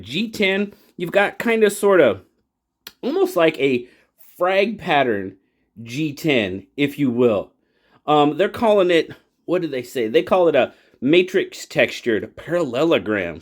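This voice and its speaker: A man hosting his own channel, chatting enthusiastically through a casual product review and exclaiming over the details. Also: a little high. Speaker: knife reviewer and channel host.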